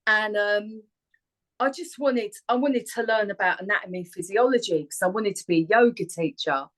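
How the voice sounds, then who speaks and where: Joining a radio show by video call, this singer and actor in her forties from Harlow, Essex, talks casually, wandering off topic and laughing a lot. She speaks at a moderate pace in a mid-range voice, and the recording is rough.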